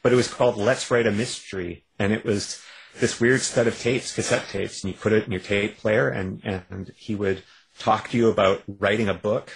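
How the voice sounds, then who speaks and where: A man's voice: fairly low pitch, fairly even intonation, normal speed, gravelly, breathy edge, poor audio. A man from Canada, an author being interviewed on a radio show, wry and self-deprecating, rambling with many restarts. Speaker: author guest.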